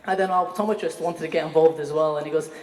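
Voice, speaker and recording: A former student giving a jokey, hesitant anniversary speech at a school event. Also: male voice, on the high side, steady tone, very fast, background noise. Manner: jokey, hesitant storytelling with fillers. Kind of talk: anniversary speech with a humorous anecdote. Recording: echoey hall, speaker far from mic.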